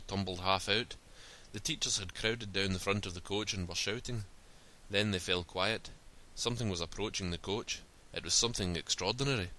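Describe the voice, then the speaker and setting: A man reads a story aloud in a steady, plain style. His voice sits fairly low but comes across forceful and sharp-edged. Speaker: narrator. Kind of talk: storybook reading.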